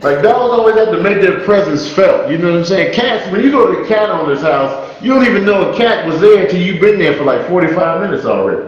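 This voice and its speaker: A male stand-up comic with a high, lively voice that leaps all over its range. He talks in an easygoing, storytelling way. The sound is muffled and heavily echoey. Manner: laid-back storytelling, drawn-out "man" endings. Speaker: stand-up comedian. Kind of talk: stand-up comedy set. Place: virtual reality comedy stage.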